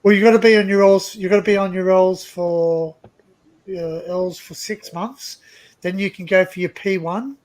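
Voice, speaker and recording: An Australian man hosting a live stream over a video call, chatty and quick to laugh, often repeating himself. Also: high voice, steady tone, darkish tone, low-quality recording. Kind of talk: casual live stream chat.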